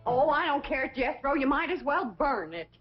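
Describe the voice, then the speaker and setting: A woman's voice: high voice, big pitch swings, normal speed. An actress playing a brash country woman music teacher, brassy and teasing. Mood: weary. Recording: dull old TV audio.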